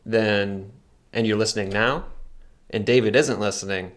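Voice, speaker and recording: Animated, laughing podcast host man. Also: moderate pace. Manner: animated, laughs often, jumps up in pitch when excited. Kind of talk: casual chat.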